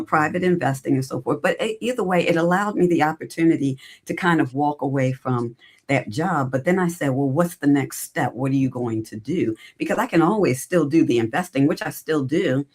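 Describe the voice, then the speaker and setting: A woman's voice: deep voice, moderate pace. A middle-aged woman, a guest on an interview show, telling her career story in a casual way and acting out her own past conversations. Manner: animated, acts out her own past dialogue. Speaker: podcast guest, recruiting entrepreneur.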